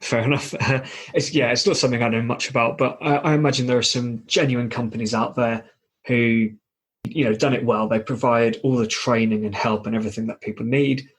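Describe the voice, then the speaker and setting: A man's voice: medium pitch, steady tone, brisk, slightly rough. A man hosting a podcast interview, chatting casually and hedging with many fillers. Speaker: podcast host.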